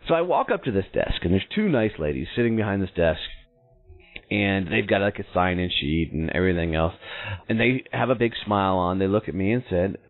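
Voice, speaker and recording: Guy telling a story on his show, real lively up and down, lowish voice, sounds like a phone line. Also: a little fast. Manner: animated, acts out quoted voices in his story. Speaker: podcast host. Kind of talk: storytelling monologue. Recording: tinny phone-like audio.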